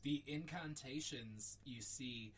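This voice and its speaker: A man's voice: medium pitch, slow, breathy edge. Co-host man, rambling swearing film chat, far from mic. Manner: rambling, swears often, laughs a lot. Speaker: podcast co-host.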